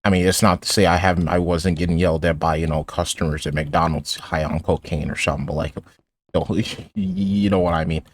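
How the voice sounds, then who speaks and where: Deep-voiced rambling teen gamer. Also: male voice, fairly even intonation, brisk, no room sound. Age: teens. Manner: rambling, stumbling, sarcastic asides. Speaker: gaming YouTuber. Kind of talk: casual commentary over gameplay.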